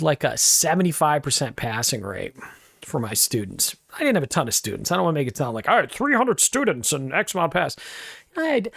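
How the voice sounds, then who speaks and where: A man's voice: fairly high pitch, vocal fry, no echo. A man hosting a podcast, telling a rambling, chatty story with asides, in a dry close mic recording. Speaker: podcast host. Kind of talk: casual storytelling monologue.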